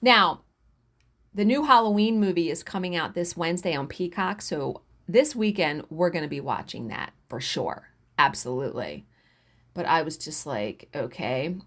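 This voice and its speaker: A woman in her forties telling a story casually while stitching, animated, swearing freely and acting out what others said. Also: on the low side, normal speed. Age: 40s. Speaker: cross-stitch vlogger.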